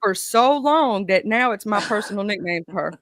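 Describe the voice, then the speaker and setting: A woman's voice: medium pitch, lively intonation, moderate pace, no echo. A woman with a Southern US accent hosting a casual live-stream chat, joking and laughing often. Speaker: host.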